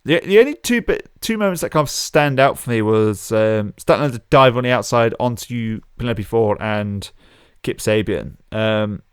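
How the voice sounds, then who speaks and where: Male co-host, smooth resonant voice, easygoing, dry recording. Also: mid-range voice, expressive, moderate pace, hardly any pauses, no echo. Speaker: podcast co-host. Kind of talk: casual chat.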